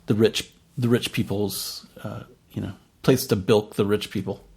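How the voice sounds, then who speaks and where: A man's voice: lowish voice, fairly even intonation, normal speed, gravelly, a little mellow, husky. A man running a tabletop game as game master, describing the scene in a loose, rambling way full of fillers. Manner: rambling, many fillers and restarts.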